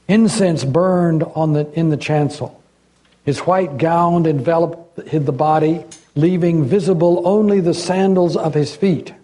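An older man, a retired pastor, preaching a sermon and reading passages in a measured, deliberate way. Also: on the high side, dark tone.

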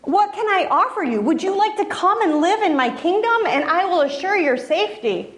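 A woman's voice: extremely high pitch, lively intonation, normal speed, fairly bright tone, pitched above the performer's own voice. A woman voicing a humbled, remorseful king who is grateful and earnest, speaking in a pleading storytelling voice. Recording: roomy echo.

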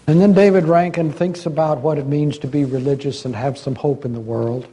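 An older man, a retired pastor, preaching a sermon and reading passages in a measured, deliberate way. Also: fairly high pitch, fairly even intonation, mellow, slightly rough.

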